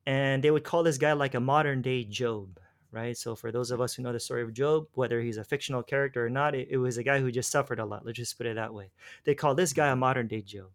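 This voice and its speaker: A man in relaxed conversation tells a long personal story. He rambles, restarts his sentences and drops in slang like "bro". His voice sits at an ordinary middle pitch. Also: clear, resonant tone. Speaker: guest telling his faith story.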